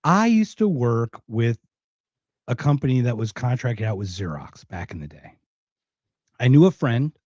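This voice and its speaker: A man's voice: mid-range voice, big pitch swings, measured pace, long pauses, darkish tone, no room sound, dull audio. A man from Philadelphia with a faint Philadelphia accent, hosting a podcast in a rambling, chatty way. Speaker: podcast host. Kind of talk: casual chat.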